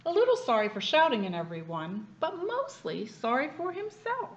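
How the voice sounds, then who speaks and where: A woman's voice: high-pitched, moderate pace, highs cut off. A woman reading a picture book aloud to a child, pointing out what is in the pictures as she goes. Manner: lively, explains the pictures as she reads.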